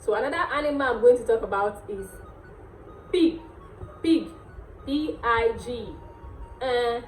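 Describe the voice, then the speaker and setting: A woman's voice: a little high, a little hiss or hum. Playful Nigerian woman teaching words. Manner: playful, repeats words slowly, laughs often. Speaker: dialect teacher and channel host. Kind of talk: casual language lesson to camera. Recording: echoey room with faint music.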